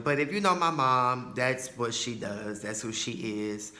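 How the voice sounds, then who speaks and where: A man talks through a personal story on his podcast, loose and chatty with plenty of fillers and asides. His voice is bright and forceful. The room around him rings with echo. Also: mid-range voice, expressive, measured pace, hardly any pauses. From Tyler, Texas. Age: 20s. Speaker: podcast host.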